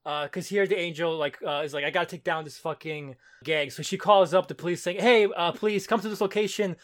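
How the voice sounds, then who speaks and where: This podcast co-host has a fairly high, brisk voice. In casual chat, he animatedly retells a comic, acting out the characters' lines and swearing along the way.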